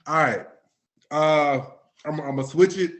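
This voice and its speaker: This podcast host is a Florida man in his late thirties, chatting casually in a fairly high, unhurried voice. He's a bit intoxicated, and his talk comes out loose and profane.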